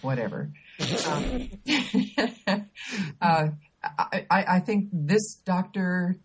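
Hesitant woman with a husky voice. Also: lowish voice, very animated, very slow. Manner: hesitant, many ums and restarts. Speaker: podcast co-host. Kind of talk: casual chat.

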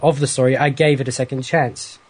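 A man's voice: mid-range voice, fairly even intonation, a little fast, slightly rough. A man co-hosting a podcast, reading listener emails aloud with amused asides. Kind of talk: casual chat.

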